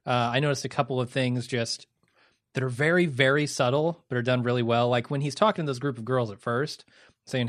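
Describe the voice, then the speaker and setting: A man's voice: mid-range voice, steady tone, a little fast, no echo. A man from the Midwest talks through a TV episode with a co-host in an easygoing, profane way, often laughing. His voice sits in a middle register and the sound is dry and close, with no room around it. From American Midwest. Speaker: podcast co-host. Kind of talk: casual TV recap chat.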